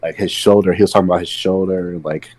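A man's voice: low-pitched, steady tone, fast, darkish tone, no room sound, low-quality recording. A man co-hosting a podcast, telling stories in casual chat, loose and full of fillers. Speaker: podcast co-host.

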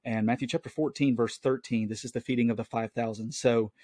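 A mellow, mid-range voice with a steady tone carries this late-20s man's fairly quick, earnest ramble on his home Christian podcast. He's on his own mic doing casual solo talk, with no echo, while family sits in the next room.

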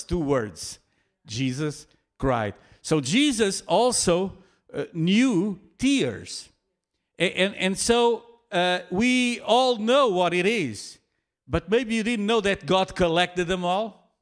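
A man preaching with a slightly high voice, taking his time. He restarts his sentences often and fills pauses, letting small chuckles slip in. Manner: halting, many restarts and fillers, chuckles often. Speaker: pastor. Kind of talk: sermon.

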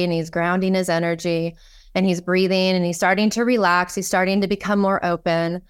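Smooth-voiced woman telling a story. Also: lowish voice, fairly even intonation, fairly quick. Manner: enthusiastic, acts out quoted dialogue. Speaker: podcast guest, kink coach. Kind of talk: conversational storytelling.

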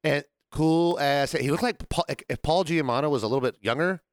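A man's voice: a little high, brisk, no room sound, studio quality. A man hosting a podcast, telling work stories in casual chat and acting out quoted lines. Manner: animated storyteller, acts out quotes. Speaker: podcast host.

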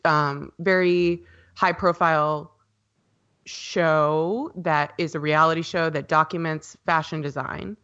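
A woman's voice: low-pitched, fairly even intonation, slow pace, a bit bright, highs cut off. A woman guest on a podcast, chatting casually and loosely about her path, with many ums and likes. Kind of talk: casual interview chat.

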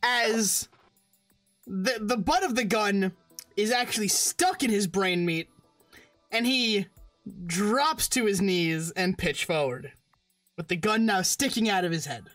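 A woman's voice: mid-range voice, expressive, slow pace, long pauses, fairly bright tone, no room sound, soft background music. A woman narrating a tabletop game as game master, casual and crude.

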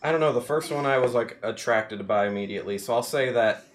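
A player in a tabletop role-play, talking in an animated, teasing way. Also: medium pitch, fast, slight background noise. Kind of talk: playing a tabletop game.

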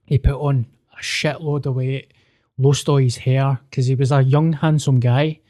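A young man hosting a podcast who tells a story in casual, colourful language, full of swearing and restarts. His voice is mellow and dark, sitting at a middle pitch. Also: unhurried. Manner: sweary, animated, with frequent restarts. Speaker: podcast host.

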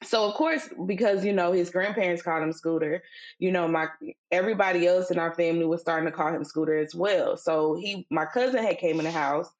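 A middle-aged woman with a lower-pitched voice, chatting casually as a podcast co-host. She tells a story conversationally, full of fillers, and slips into an emphatic, sermon-like delivery when she makes her point. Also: fairly quick. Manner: conversational, acts out quoted voices, turns preachy and emphatic. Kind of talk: casual faith-based storytelling chat.

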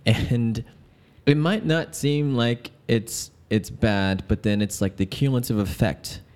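A man's voice: mid-range voice, a little slow, a little mellow, clear, resonant tone. A man co-hosting a casual podcast chat, joking around as he reads points from his notes. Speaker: podcast co-host.

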